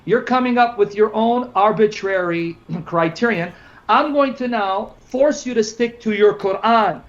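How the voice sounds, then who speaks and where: A man giving a combative debate rebuttal, rapid-fire and sarcastic. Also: sits high, dull audio.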